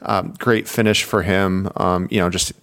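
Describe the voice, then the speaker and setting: A man co-hosting a casual cycling podcast, retelling races and acting out quotes with big pitch jumps. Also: steady tone, normal speed, creaky, fairly bright tone, clear, resonant tone. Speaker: podcast co-host. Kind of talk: casual chat about bike racing.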